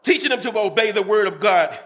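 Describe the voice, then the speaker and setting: A man preaching a sermon to a congregation, fervent, breaking into shouts and calling for amens. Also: high voice, expressive, brisk. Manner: fervent, with shouted bursts and call-and-response to the congregation. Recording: long reverb of a church hall.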